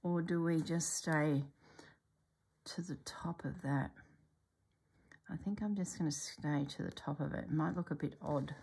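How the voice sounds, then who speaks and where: A middle-aged woman talking through a stitch-along embroidery tutorial in a calm, musing way, often dropping to a soft whisper. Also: sits low, normal speed, hardly any pauses, breathy edge. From Australia.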